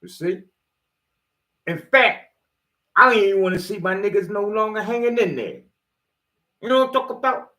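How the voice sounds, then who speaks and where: Animated, preachy man with a lively voice. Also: high-pitched, moderate pace, long pauses. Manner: animated, preachy, swears and jokes freely; slangy, street-style talk. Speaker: motivational video host. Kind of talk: rambling motivational monologue.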